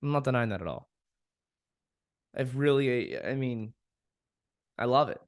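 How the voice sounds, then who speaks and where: A man's voice: medium pitch, measured pace, dry recording, clean studio sound. A young man hosting a podcast, talking casually and frankly, venting with frequent swearing and laughing at himself. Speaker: podcast host. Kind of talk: casual solo podcast monologue.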